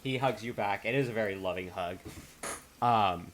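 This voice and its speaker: A man narrating as game master in a tabletop game, casual and halting, with many fillers. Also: lowish voice, a bit bright, a little hiss or hum. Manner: casual, halting with fillers, reads letters aloud.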